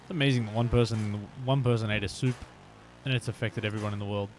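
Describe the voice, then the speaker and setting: A man's voice: fairly low pitch, fairly even intonation, fast talker, slight background noise. Chatty male game streamer. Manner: chatty, self-deprecating, bursts into shouts. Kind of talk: live stream commentary.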